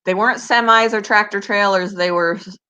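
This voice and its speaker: A woman's voice: mid-range voice, steady tone, fairly quick, pushed and bright, clear, resonant tone. A woman from Canada with a Canadian accent, chatting casually on a live stream, giggly and answering viewers' comments. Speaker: pet channel host.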